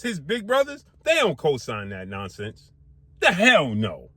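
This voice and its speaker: A man with a high, animated voice delivers a heated boxing commentary rant, piling up rhetorical questions in casual slang. His voice leaps up and down in pitch, and the recording is dry and close. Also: a little slow, husky, no room sound. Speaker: sports commentary host.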